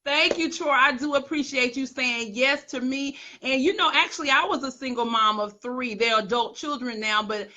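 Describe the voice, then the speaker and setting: A middle-aged woman hosts a live-streamed interview with a bright, lively tone. Her audio is a little muffled and lo-fi. She affirms her guest often and teases him playfully. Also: high-pitched, moderate pace, hardly any pauses. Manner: affirming, teasing, lots of mm-hmms. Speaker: show host.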